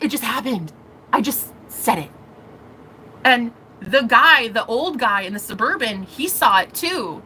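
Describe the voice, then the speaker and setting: A woman's voice: on the high side, animated, a little slow, bright, forceful tone, slight background noise, rough recording. A woman vlogger telling a story in an emotional, rambling way, swearing freely. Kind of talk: storytelling vlog.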